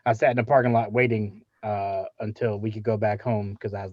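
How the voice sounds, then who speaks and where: A man co-hosting a casual podcast, telling a self-mocking story in an animated way. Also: on the low side, a little fast, no echo, dull audio. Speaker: podcast co-host, father. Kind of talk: casual chat.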